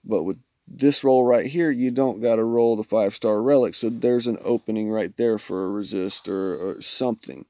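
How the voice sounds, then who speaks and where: Man streaming a game, gravelly and dry, rambling and jokey; middle pitch, close mic with no room sound, easy chat-and-commentary feel. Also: moderate pace, few pauses, warm tone, dry recording. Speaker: live streamer. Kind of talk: casual gameplay commentary.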